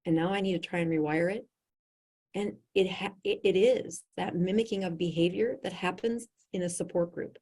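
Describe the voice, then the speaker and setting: A middle-aged woman physician telling a story as a podcast guest, animated and laughing often as she acts out what people said. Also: on the low side, moderate pace. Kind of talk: conversational storytelling.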